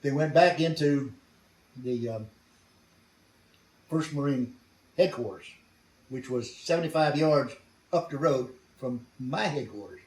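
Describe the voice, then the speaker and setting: A man's voice: mid-range voice, a little slow, pauses often, darkish tone, far from the mic. Blunt older man telling war stories. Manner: blunt, salty, chuckling storyteller. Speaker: veteran interviewee. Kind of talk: storytelling interview. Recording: roomy sound from off mic.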